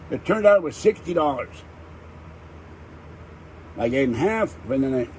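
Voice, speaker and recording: A man's voice: fairly high pitch, very animated, fairly quick, a little mellow, a little hiss or hum, low-quality recording. An older man hosting a livestream, ranting irritably in a rambling casual chat. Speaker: livestream host.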